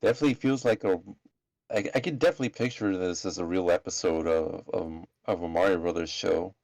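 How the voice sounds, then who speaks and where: Deep gravelly man, hesitant talk. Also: brisk, darkish tone, no room sound. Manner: hesitant, repeats words. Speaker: guest commenter. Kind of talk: casual chat.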